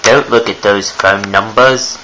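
A young man playing himself as an excitable ghost in a put-on British accent. He makes loud, drawn-out announcements. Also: fairly low pitch, rough recording. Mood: playful. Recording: hissy home camera audio, off-mic.

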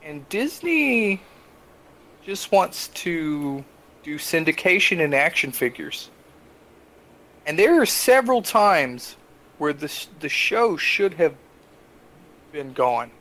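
A young adult man co-hosting a casual podcast, telling a story with animated, exasperated asides. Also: a little high, slow pace, long pauses. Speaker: podcast co-host.

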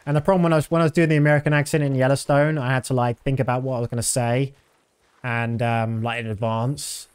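Male streamer, thirties, mid-pitched, easygoing chat full of fillers. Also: fast talker, clear, resonant tone. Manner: rambling, relaxed, many fillers. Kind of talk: casual gameplay commentary.

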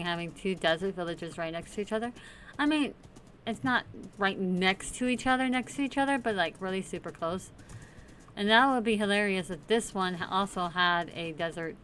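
A gaming channel host chats playfully while commenting on her Minecraft play, even talking to the game's characters. Her mid-range voice is a bit bright, with slight background noise.

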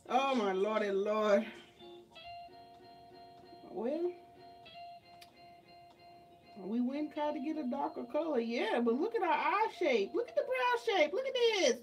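A woman's voice: high voice, animated, takes it slowly, long pauses, darkish tone, faint music behind. A woman vlogging a makeup tutorial in a dramatic, chatty way, calling on the Lord and calling viewers y'all and child. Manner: dramatic, exclaims to God and the Lord.

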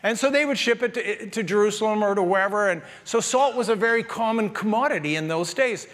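A Canadian pastor preaching a sermon to his congregation in a lively, conversational way, with jokes and asides to the people in the pews. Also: high voice, brisk, big-room sound. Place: church sanctuary.

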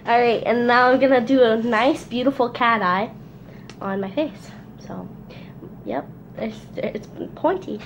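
Giggly high-voiced young woman. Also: unhurried, lo-fi sound. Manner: giggly, laughing often. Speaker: vlogger. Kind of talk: casual challenge video chat. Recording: noisy home recording.

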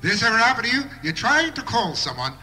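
Wry stand-up comic man, lively and bright. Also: very high voice, fast. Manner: wry observational delivery with mock outrage. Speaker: stand-up comedian. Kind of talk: live stand-up routine.

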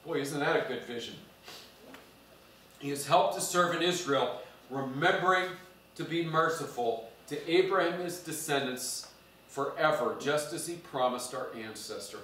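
A male pastor delivers a sermon in a slightly higher-than-usual voice, leaning hard on key words and drawing them out. He is picked up from a distance, so the church around him rings with a heavy, lingering echo. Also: a bit bright, slight background noise. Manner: emphatic, drawn-out stresses on key words.

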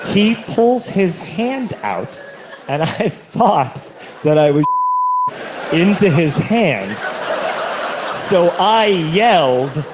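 A man doing a stand-up comedy set, telling stories in an animated way and acting out other people's voices, recorded live on stage. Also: a little high, drawn-out words, pauses often. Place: comedy stage with a laughing audience. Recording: live show with audible audience noise.

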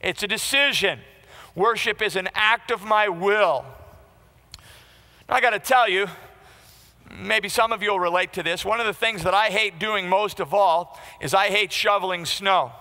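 A man's voice: high voice, normal speed, sharp tone, long reverb tail. A man preaching a sermon to a congregation, emphatic and conversational, asking the listeners questions and acting out quoted remarks. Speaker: pastor.

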